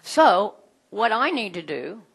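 A middle-aged woman teaching a group in a conversational way, animated, with many fillers. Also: mid-range voice, takes it slowly, gravelly, breathy edge. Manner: animated, acts out quoted voices, frequent fillers.

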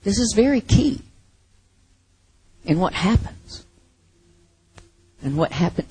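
A woman preaching a sermon, telling a Bible story with lively acted-out asides. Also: fairly high pitch, slightly rough, poor audio.

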